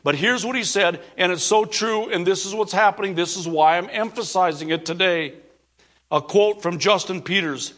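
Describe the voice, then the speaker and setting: A man's voice: sits high, normal speed, a bit bright. A male pastor preaching a sermon, earnest and emphatic, repeating key phrases for weight.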